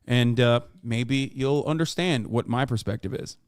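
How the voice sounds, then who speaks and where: A man in his thirties talks straight into the mic on a live stream, his voice smooth and resonant with a dry, close sound. He rants, swears freely and leans hard on his points between "uh"s and "like"s. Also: medium pitch, normal speed, no room sound. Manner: profane, emphatic ranting with many fillers. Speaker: streamer reacting to a clip. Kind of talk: casual live-stream commentary.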